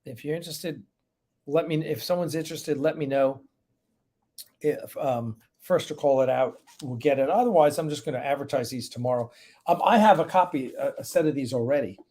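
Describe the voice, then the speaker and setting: A man's voice: mid-range voice, brisk, mellow. A man hosting a casual live stream, chatting loosely, greeting viewers one by one by name and rambling between asides.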